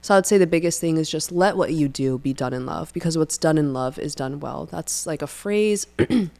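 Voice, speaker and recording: A young woman talking casually about her faith on a podcast, lively and storytelling, often acting out what her friends said. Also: deep voice, brisk, gravelly. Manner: animated storyteller who acts out friends' lines. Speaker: podcast co-host.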